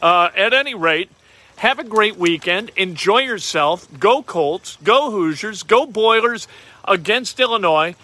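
A man's voice: high voice, sharp tone. A man giving football and golf betting picks in a jokey, rambling monologue, talking to himself. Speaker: sports betting picks host.

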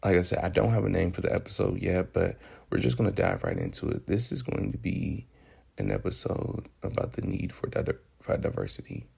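A man's voice: sits low, lively intonation, brisk, vocal fry, a little mellow, husky. A man from Memphis with a Southern accent, hosting a loose, profane, joking solo podcast. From Memphis, Tennessee. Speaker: podcast host. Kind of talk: casual solo podcast monologue.

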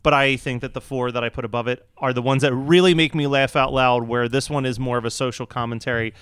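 A man co-hosting a casual chat, talking through his picks in a measured, thoughtful way. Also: medium pitch, steady tone, a bit bright, clear, resonant tone, no echo, clean studio sound. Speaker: podcast co-host.

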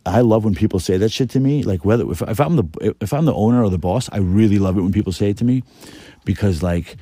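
A man rambles through a casual story, swearing freely and animated. His voice sits low and warm. The recording is dry and close. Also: fast, husky, dry recording. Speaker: podcast host.

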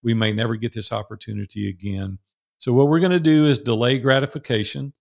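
A man's voice: mid-range voice, a little fast, vocal fry. A man in his sixties with a Southern US drawl, telling stories as a podcast guest in a folksy way. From Southern United States. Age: 60s. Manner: folksy, animated storyteller. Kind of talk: storytelling interview.

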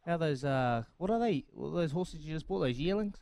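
A man's voice: fairly high pitch, lively intonation, normal speed, vocal fry, a little mellow. A man with a New Zealand accent hosting a matey, enthusiastic chat. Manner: matey, enthusiastic, laughs often. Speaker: radio host. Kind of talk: casual chat.

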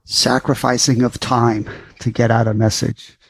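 A man's voice: mid-range voice, flat delivery, measured pace, gravelly, no echo. A man co-hosting a podcast as a therapist, talking in an encouraging, easygoing way. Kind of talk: casual podcast chat.

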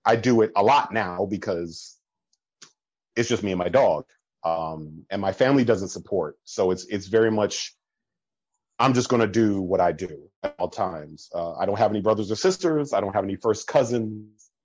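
A man talking as a podcast guest, telling stories in an animated way and acting out what people said. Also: fairly low pitch, moderate pace, husky, dry recording, muffled recording. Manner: animated storytelling with laughs and quoted voices. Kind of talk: casual conversation.

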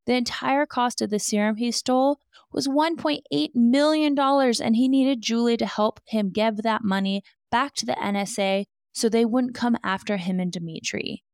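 A woman's voice: on the high side, normal speed, a little mellow, clean tone, no room sound, studio quality. Sarcastic woman telling a true crime story. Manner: sarcastic, incredulous asides. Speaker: true crime podcast host.

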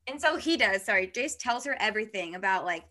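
A woman's voice: mid-range voice, lively intonation, fairly quick, sharp tone. Chatty young woman recapping a book. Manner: chatty, filler-heavy storytelling.

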